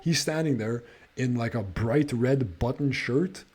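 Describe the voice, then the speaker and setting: A man's voice: medium pitch, measured pace, darkish tone, slightly rough. A man hosting a podcast, telling a casual story, swearing nonstop and sounding exasperated as he restarts his sentences. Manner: profane, swears constantly. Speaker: podcast host.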